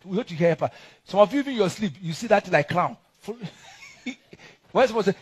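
A middle-aged Nigerian man with a Nigerian accent, preaching a sermon in an animated, mocking way with lots of repetition. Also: high-pitched, fast, breathy edge. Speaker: pastor.

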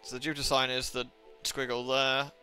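A man's voice: mid-range voice, level tone, fairly quick, bright, forceful tone, soft background music. A young man streaming a game live, rambling to chat with lots of swearing and exasperated asides. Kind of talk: casual live-stream chat while gaming.

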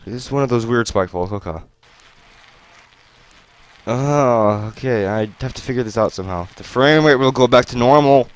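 A young man doing gameplay commentary on a headset mic at home, excitable and yelping at the game. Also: medium pitch, normal speed, long pauses, slight background noise. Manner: excitable, yelps and shouts at the game. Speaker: gaming YouTuber.

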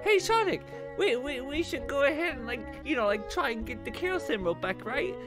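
A man voicing a timid young male fox sidekick, hesitant and stammering in a high, soft voice. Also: animated, fairly quick, music in the background.

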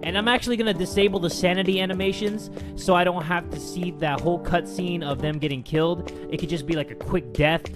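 Excitable high-voiced young man gamer. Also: fast talker, hardly any pauses, over music. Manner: excitable, loud outbursts, swears a lot. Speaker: gaming YouTuber. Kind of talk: energetic let's-play commentary.

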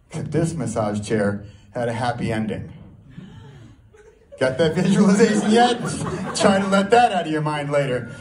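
A man performing a rambling, self-mocking live stand-up set, laughing at his own jokes in front of an audience. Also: sits high. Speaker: stand-up comedy student performing a first set. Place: small comedy venue with a live audience. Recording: distant mic with audience noise.

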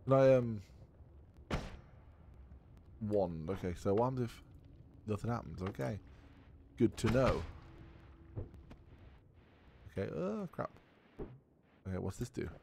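Creaky, lively man playing a game. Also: lowish voice, measured pace, pauses often, a little hiss or hum. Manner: excitable, swears often, yelps at surprises. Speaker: gaming video creator. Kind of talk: let's play commentary, thinking aloud.

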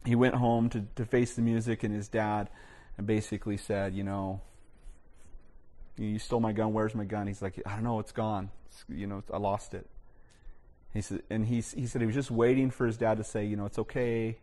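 A man's voice: fairly low pitch, flat delivery, brisk, mellow. A male pastor preaching a sermon, telling stories in a conversational way with many restarts and asides. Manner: conversational storytelling with frequent "you know" and restarts.

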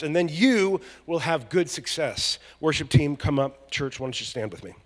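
A male pastor preaching a conversational, joking sermon that builds to loud emphatic peaks. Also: medium pitch, normal speed. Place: large church hall. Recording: long church hall reverb.

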